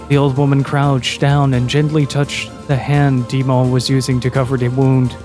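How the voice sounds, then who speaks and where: A man reading a story aloud in a steady, measured narration. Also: medium pitch, faint music behind.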